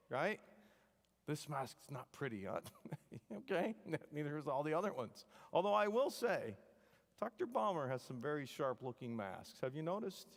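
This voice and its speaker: A man, an engineering professor, gives a devotional talk to students in a big chapel, with a long reverb trailing after each phrase. His voice sits a little high, and his delivery is animated and joking, full of wry asides. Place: chapel hall.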